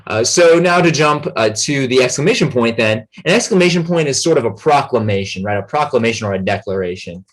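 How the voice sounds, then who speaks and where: A man giving a relaxed, rambling grammar lesson as a tutor, full of fillers and check-ins with his students. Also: medium pitch, fairly quick, hardly any pauses.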